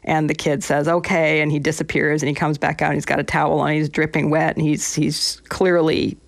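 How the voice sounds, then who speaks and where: Gravelly former cop telling stories. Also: mid-range voice, monotone, fairly quick, dry recording. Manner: reflective, frequent restarts and asides. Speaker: former police officer, guest. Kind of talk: interview storytelling.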